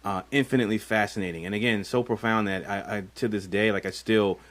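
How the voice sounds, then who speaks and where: A man's voice: on the low side, fairly even intonation, fast talker, a bit bright. A man co-hosting a casual film podcast, talking in a rambling, thoughtful way with many fillers and restarts. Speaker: podcast co-host.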